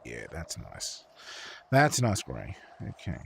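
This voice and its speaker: A man's voice: very deep voice, huge pitch swings, takes it slowly, gravelly, a bit bright, slight background noise. Casual, swearing male streamer chatting. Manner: rambling, profane, lots of fillers. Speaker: streamer painting models. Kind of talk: casual chat with stream viewers.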